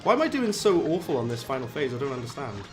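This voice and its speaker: Brief: Welsh Valleys-accented male streamer, mid-pitched, easygoing self-mockery, game music clearly behind him. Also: very animated, fast talker. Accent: South Wales Valleys. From South Wales. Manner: chatty, self-mocking, bursts up in pitch when frustrated. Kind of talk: casual live game-stream commentary.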